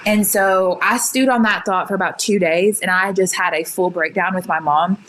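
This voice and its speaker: A young woman telling her own story in casual chat, full of "like" fillers and quick retellings. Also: on the low side, a bit bright, a little hiss or hum, rough recording. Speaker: guest sharing her story.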